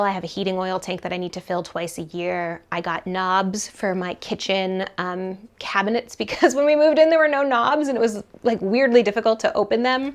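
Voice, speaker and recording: Chatty woman vlogging to camera. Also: mid-range voice. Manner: animated, chatty, lots of "like" fillers. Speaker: personal finance vlogger. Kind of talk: casual talk to camera. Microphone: camera mic, leaning toward camera.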